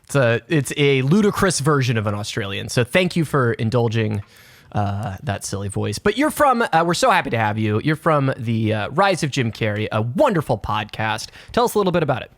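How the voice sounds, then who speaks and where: Man, 30s, podcast host, gravelly, dry close sound, playful and joking. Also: medium pitch, big pitch swings, fairly quick, no room sound. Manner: jokey, playful, self-mocking. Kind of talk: casual podcast chat.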